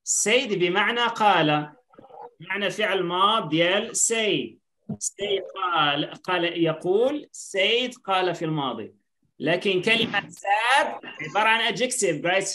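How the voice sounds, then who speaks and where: Bright-voiced woman teaching online. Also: medium pitch, animated, fast, slight background noise. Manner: mixes English and Arabic, asks "right?" constantly. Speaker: English teacher.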